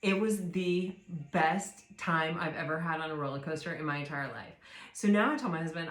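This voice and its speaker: A woman giving a tarot reading as a casual spiritual chat, rambling with many fillers and restarts in a soft, reassuring way. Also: deep voice, normal speed. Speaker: tarot reader. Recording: roomy echo.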